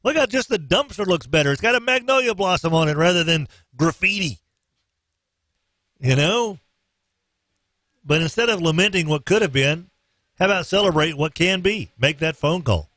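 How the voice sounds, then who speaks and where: A man's voice: animated, moderate pace, long pauses, sharp tone, no echo. A man hosting a morning radio show, joking through sports updates and live ad reads in a bouncy, playful way. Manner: jokey, bouncy delivery with swings in pitch.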